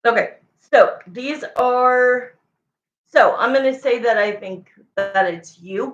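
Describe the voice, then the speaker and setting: A woman's voice: medium pitch, a bit bright, a little hiss or hum. A woman giving a live tarot reading, thinking aloud as she pulls cards and repeating her questions to the cards. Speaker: tarot reader. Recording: roomy, dull lo-fi sound.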